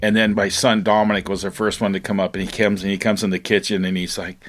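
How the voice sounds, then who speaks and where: A middle-aged fisherman tells his own story in a casual, animated interview, laughing and leaning heavily on "you know." He speaks fast in a fairly low-pitched voice.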